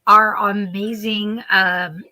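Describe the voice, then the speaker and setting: A woman co-hosting a podcast in casual chat, telling stories in a rambling, animated way with many restarts. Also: medium pitch, slow pace. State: sleepy. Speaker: podcast co-host.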